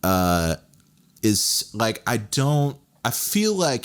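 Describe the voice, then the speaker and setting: A young man from Texas with a very low voice talks loosely on a podcast. He rambles through fillers, breaks into laughs and jumps up in pitch as he gets animated. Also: unhurried. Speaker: podcast co-host. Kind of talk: casual chat.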